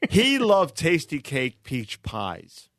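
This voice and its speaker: A man's voice: on the high side, slow, no echo, studio quality. A man co-hosting a podcast, telling a long story to friends, laughing and acting out the voices of the people in it. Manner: animated storyteller, acts out voices, laughs a lot. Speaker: podcast co-host. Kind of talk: casual storytelling among friends.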